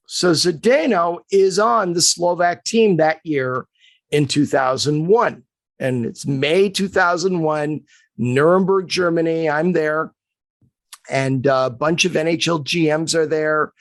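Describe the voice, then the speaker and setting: Male sports agent, podcast storyteller, gravelly, dry close mic. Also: fairly high pitch, takes it slowly, no room sound. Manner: animated storyteller, acts out quotes.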